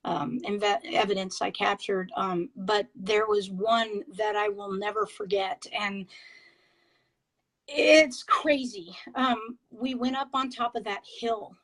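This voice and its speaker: A woman on a video call, a paranormal investigator, telling her experiences in an excitable, halting way with many fillers and restarts. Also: mid-range voice, poor audio. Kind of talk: casual interview storytelling.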